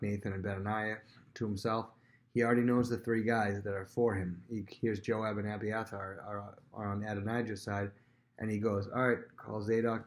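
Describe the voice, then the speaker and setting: A man with a fairly low voice walks his students through a Bible story in a relaxed, chatty way. He pauses with plenty of ums and slips into short acted-out voices for the people in the story. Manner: chatty, many fillers, acts out quotes in voices. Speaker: teacher. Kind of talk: casual Bible lesson retelling.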